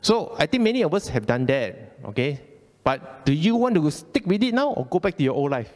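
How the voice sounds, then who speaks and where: In a temple hall with a long reverb tail, a man with a Malaysian English accent gives a chatty, colloquial Dhamma talk. His fairly high, darkish voice has a sing-song lilt and moves a little fast, and he often repeats phrases and asks "okay?".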